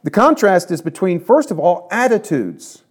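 A man with a fairly high voice delivering a sermon. He preaches earnestly and conversationally, stacking repeated phrases for emphasis. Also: sing-song, normal speed, husky. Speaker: pastor.

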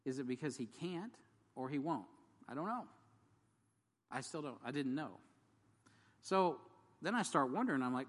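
A man's voice: mid-range voice, lively intonation, normal speed, long pauses, long reverb tail. A man in ministry work telling personal faith stories in a rambling, casual way, acting out the people he quotes. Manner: rambling, acts out dialogue in varied voices. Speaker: ministry worker. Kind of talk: casual testimony storytelling.

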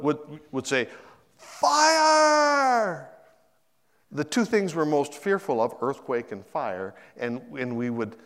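A middle-aged pastor with a fairly high voice preaches a sermon in a church sanctuary, the sound big and roomy. He's animated, acting out quotes with sudden voice shifts and repeating words as he gathers his thoughts.

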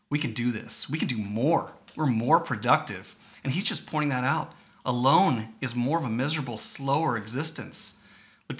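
A man's voice: medium pitch, bright, forceful tone. A man preaching a sermon to his church, earnest and emphatic, reading scripture and asking the congregation questions. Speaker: pastor.

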